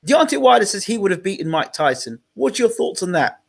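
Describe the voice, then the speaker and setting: Higher-voiced male interviewer, probing. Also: sing-song, a little fast, creaky. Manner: probing, pushes back on answers. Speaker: host. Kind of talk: interview questions.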